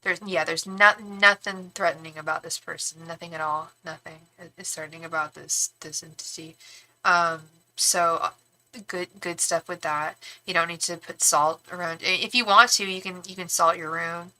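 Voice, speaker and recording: A woman's voice: lowish voice, steady tone, moderate pace, pushed and bright. A young woman reading tarot live, talking in a rambling, frank way with casual swearing and many restarts. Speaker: tarot reader and psychic medium.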